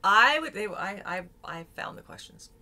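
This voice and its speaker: A woman's voice: mid-range voice, animated, moderate pace, pushed and bright. A middle-aged woman hosting a casual live stream, talking earnestly and sometimes searching for words. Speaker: host.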